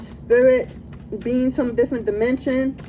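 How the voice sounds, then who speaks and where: A woman's voice: sits high, flat delivery, a little slow, warm tone, slight background noise, rough recording. Laughing, slangy woman tarot reader. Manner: laughs often, slangy and playful. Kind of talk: casual tarot reading.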